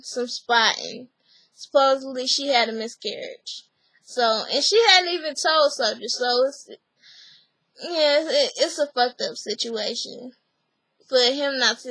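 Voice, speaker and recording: A woman's voice: sits high, bright, forceful tone, dry recording. A woman in a casual, gossipy recap, talking chattily and acting out what others said. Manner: chatty, gossipy, acts out quotes. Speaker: recap vlogger. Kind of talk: casual reality-show recap.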